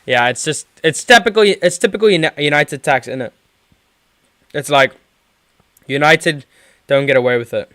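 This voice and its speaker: A man's voice: fairly high pitch, moderate pace, pauses often, a bit bright, dry recording, clean studio sound. A man giving rambling live play-by-play as a football fan streamer, with lots of fillers and restarts. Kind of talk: live watchalong match commentary.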